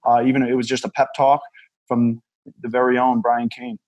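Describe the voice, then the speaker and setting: A man who is a former college athlete, speaking in a measured, reflective way. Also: mid-range voice, flat delivery, darkish tone, rough recording. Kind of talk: podcast conversation.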